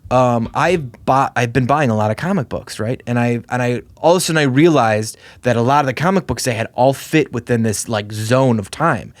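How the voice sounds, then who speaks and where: A man in his thirties co-hosting a podcast, talking in a loose, animated, rambling way with lots of fillers. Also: medium pitch, moderate pace, few pauses, no echo. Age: 30s. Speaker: podcast co-host. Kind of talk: casual chat.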